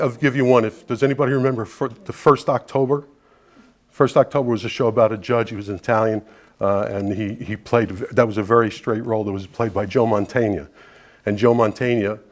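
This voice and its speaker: A man leading an advocacy group, giving a conversational, persuasive talk to an audience and often dropping in asides. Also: on the low side. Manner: earnest, persuasive, with frequent "you know" asides.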